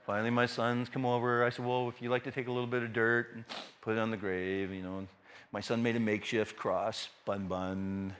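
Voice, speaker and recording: A man's voice: fairly low pitch, brisk, a little hiss or hum. A middle-aged man preaching a storytelling sermon in a casual way with many fillers, acting out the voices of his family. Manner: animated, acts out family voices.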